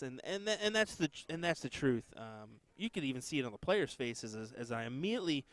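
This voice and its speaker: A man's voice: medium pitch, very animated, brisk. A man with an American accent hosting casual live-stream darts commentary, chatting with viewers between matches. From United States.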